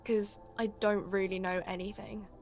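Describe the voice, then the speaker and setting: An actress voicing a nervous game character who speaks in a hesitant, unsure way. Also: female voice, mid-range voice, level tone, moderate pace, a little hiss or hum, natural voice. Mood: evasive. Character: nervous, evasive woman dodging questions. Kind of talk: video game voice acting.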